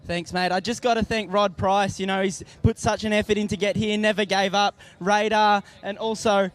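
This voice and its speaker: A man's voice: sits high, little pitch movement, normal speed. A man with an Australian accent, a motorbike racer talking modestly after a win and thanking his team. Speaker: race winner, rider. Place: outdoor motorsport circuit.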